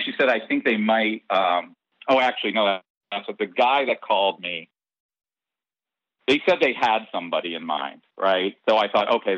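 A man's voice: on the low side, dry recording. A man, a soap opera head writer, telling stories in a casual interview and acting out the dialogue. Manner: lively, acts out dialogue in his stories. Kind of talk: casual anecdotal storytelling. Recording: dull, dry lo-fi podcast audio.

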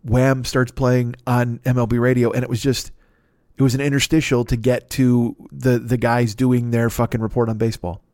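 A man's voice: medium pitch, flat delivery, moderate pace, darkish tone, no echo, clean studio sound. A man in his fifties, a podcast host, delivering a profane, rambling comedic rant that keeps interrupting itself. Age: 50s.

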